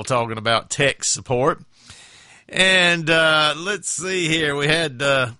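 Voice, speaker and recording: A man's voice: medium pitch, bright, forceful tone, no room sound, clean studio sound. A man hosting a radio show, chatting in an easygoing, folksy way between tracks.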